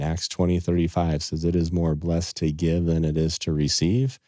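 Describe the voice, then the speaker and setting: Low, mellow middle-aged man. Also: fairly even intonation, normal speed, few pauses, dry recording, studio quality. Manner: earnest, quotes scripture and sayings. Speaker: financial advisor, podcast guest. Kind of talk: casual storytelling in conversation.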